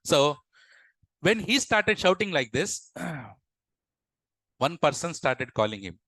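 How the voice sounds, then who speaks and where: A young man teaches a live online class, pausing often to quiz his students and acting out small scenes. His voice sits a little high. The sound is dry and close, with no room around it. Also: very animated, creaky, sharp tone, dry recording, poor audio. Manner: asks the class questions and acts out dialogues. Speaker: instructor.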